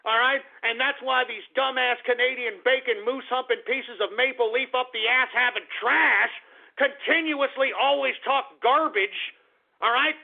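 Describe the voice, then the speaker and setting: A man's voice: very high-pitched, fairly even intonation, moderate pace, creaky. A man hosting a talk radio show, delivering an angry, profane, sarcastic monologue and often repeating himself. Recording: tinny phone-like radio audio.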